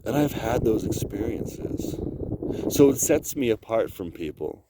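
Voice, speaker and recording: Heavy background noise surrounds a man recording a rambling vlog to camera on an icy cliff edge. His voice is fairly low with lively intonation and a measured pace, and he swears often, laughing between his loose, wandering thoughts.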